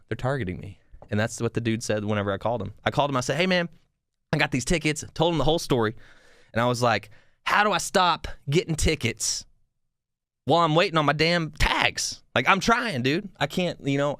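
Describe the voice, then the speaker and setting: A young man hosting a podcast, telling a story in a rambling, animated way with frequent swearing and restarts. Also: medium pitch, no room sound, clean studio sound. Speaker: podcast host. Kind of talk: casual storytelling.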